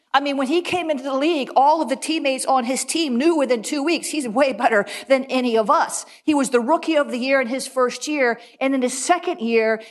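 A woman preaching a sermon, telling animated stories with quick asides and laughs. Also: a little high.

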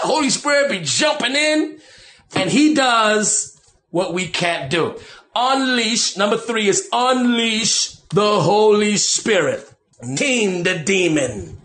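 A man preaching as a pastor, animated and slangy, acting out his own prayers. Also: high voice, slow, reverberant. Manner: animated, slangy, quotes himself. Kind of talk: preaching on deliverance.

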